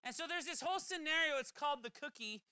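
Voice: high voice, expressive, fast, bright, forceful tone, dry recording. A preacher giving a casual, chatty sermon that keeps slipping into quoted voices. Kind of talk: conversational sermon.

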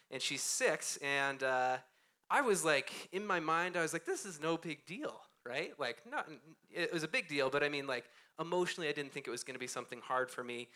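Speaking close into a handheld or stand mic, this pastor in his thirties gives a relaxed, conversational sermon on a church stage. His mid-range voice comes across bright and forceful, and he keeps poking fun at himself, laughing as he goes.

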